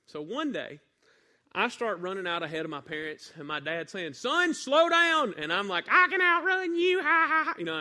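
A man from northeast Mississippi with a Southern accent, preaching a sermon and telling a folksy story with sudden loud bursts. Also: fairly high pitch.

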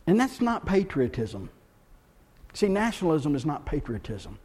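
A pastor from the United States preaching a sermon in a church, moving between quiet, earnest stretches and loud, impassioned ones. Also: male voice, on the high side, very animated, normal speed, husky. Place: church sanctuary.

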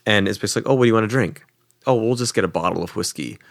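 His voice racing and creaky, a young podcast co-host tells a travel story, recorded at studio quality with no room sound. He animatedly performs the people he quotes with pitch jumps, swearing offhandedly and peppering in fillers like "like".

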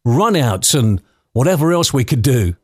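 Very animated, with a breathy edge to his mid-range voice, a fifty-something London man hosts a podcast at normal speed. He chats nostalgically through personal stories and light laughs, captured in clean studio audio without echo.

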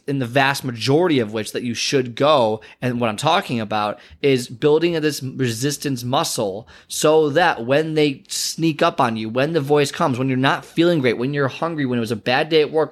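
A man who works as a fitness trainer and coach, giving an earnest motivational talk full of emphatic repetition. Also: medium pitch.

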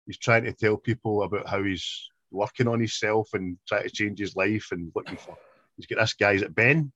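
A man's voice: fairly low pitch, moderate pace, a bit bright, no room sound, lo-fi sound. A man co-hosting a casual film review podcast, laughing often and quoting lines in put-on voices. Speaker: podcast co-host.

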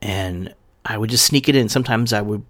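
A man's voice: on the low side, brisk, fairly bright tone, dry recording. A male podcast host reading a eulogy for his wife and then talking to his listeners, emotional and heartfelt, with his voice rising and falling with feeling.

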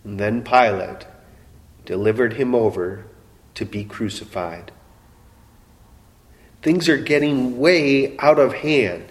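A man preaching a sermon, slow and dramatic, voicing the questions of onlookers with rising emotion. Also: mid-range voice. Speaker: pastor. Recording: long reverb of a large hall.

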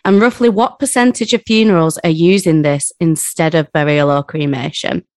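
A woman's voice: low voice, fairly even intonation, normal speed, a little mellow, no echo. Giggly northern English woman host. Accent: northern English, Lancashire/Yorkshire. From northern England. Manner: friendly, giggly, full of fillers. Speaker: podcast co-host. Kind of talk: casual podcast chat.

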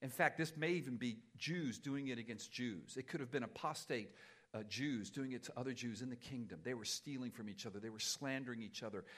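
A man preaching a conversational, animated sermon as pastor, sometimes poking fun at himself. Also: medium pitch, brisk. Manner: conversational, animated, self-deprecating.

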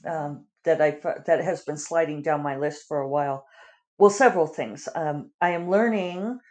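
A woman's voice: low voice, normal speed, darkish tone. A woman writer chatting casually through her weekly video update, rambling with lots of fillers and little laughs. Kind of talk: casual chat.

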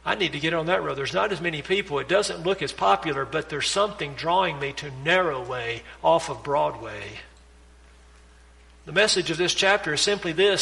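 Impassioned pastor preaching in a reverberant hall. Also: male voice, a little high, lively intonation, moderate pace, creaky, sharp tone. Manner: pleading, impassioned preaching with repeated appeals. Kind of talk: sermon. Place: church sanctuary.

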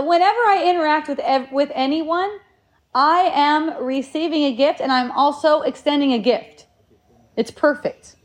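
Woman with a slightly high voice musing. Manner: rambling and reflective, with many restarts. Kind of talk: casual spiritual talk.

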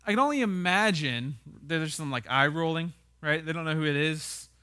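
A man's voice: on the high side, animated, moderate pace, pushed and bright, smooth. A man preaching a conversational sermon as a pastor. He speaks in a casual, wry way and keeps checking in with tag questions.

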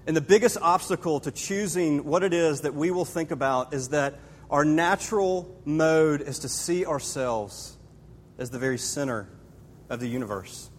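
A man with a somewhat high voice delivers a relaxed, story-driven sermon. He keeps turning to the audience with casual asides as his words echo through a large hall with a long reverb tail. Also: moderate pace. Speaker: pastor. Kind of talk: conversational sermon with a personal story.

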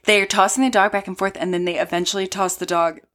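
A woman's voice: medium pitch, steady tone, fast talker, fairly bright tone. A woman co-hosting a podcast, casually retelling film scenes in a laid-back way and chuckling often. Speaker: podcast co-host. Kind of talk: casual chat.

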